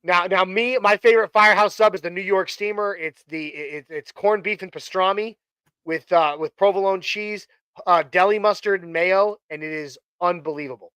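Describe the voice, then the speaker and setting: A man's voice: high voice, moderate pace, pushed and bright, clean tone, dry recording, rough recording. A man hosting a casual live stream chat, talking in a rambling way with many fillers and restarts. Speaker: host.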